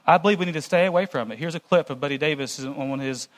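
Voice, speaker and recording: High-voiced man giving an earnest church talk. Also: racing, a little hiss or hum. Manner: earnest and cautionary. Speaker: church speaker. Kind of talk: conversational sermon lecture.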